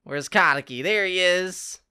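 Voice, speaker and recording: A man's voice: high-pitched, a little slow, pushed and bright, clear, resonant tone. A man reacting to an anime finale in casual, emotional commentary, exclaiming and laughing often. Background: anime soundtrack playing faintly.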